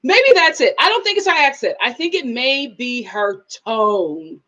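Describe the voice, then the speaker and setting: A woman's voice: sits high, unhurried, dull audio. A woman hosting a live review stream, chatting casually with viewers and reading their comments aloud in a playful way with frequent laughs. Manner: animated and playful, laughs often.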